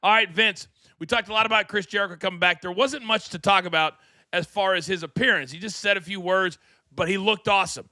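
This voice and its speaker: A male host with a very bright, sharp-edged voice that sits a little high. He talks fast and with energy, like he is cutting a promo. The studio sound is dry and close. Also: no echo. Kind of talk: live wrestling talk show.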